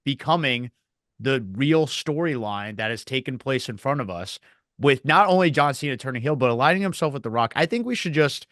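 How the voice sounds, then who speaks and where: A man co-hosting a casual wrestling review podcast, telling events in an animated way with acted quotes. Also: medium pitch, fairly quick, dry recording, clean studio sound. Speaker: podcast co-host.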